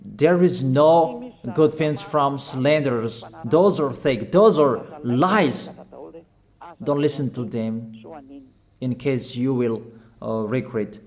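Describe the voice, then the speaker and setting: A man's voice: medium pitch, takes it slowly, darkish tone. A man preaching a sermon in non-native English with grammar slips, delivering urgent, emphatic exhortations and repeating his commands.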